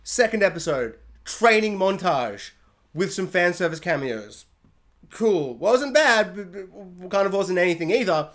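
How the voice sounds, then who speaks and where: A young man reviewing a series in a casual, jokey rant, acting out quotes in high, excited voices. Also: measured pace.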